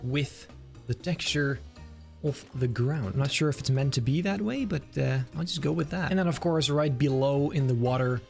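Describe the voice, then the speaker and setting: A man's voice: medium pitch, moderate pace, gravelly, a little mellow, faint music behind. A man giving casual, enthusiastic gameplay commentary, chatting and thinking aloud as he builds. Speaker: game video creator.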